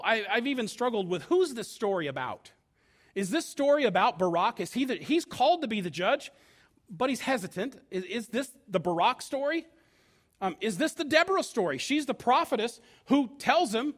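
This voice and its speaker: A middle-aged man preaching with a fairly high voice that leaps and swoops through a wide range. He drives his points home emphatically and slips into acted quotes as he goes. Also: big pitch swings, normal speed. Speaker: pastor. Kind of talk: sermon.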